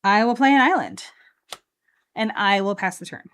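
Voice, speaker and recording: A woman's voice: mid-range voice, normal speed, a bit bright, smooth. A woman hosting a live card game stream, chatting casually and upbeat with lots of fillers while she plays.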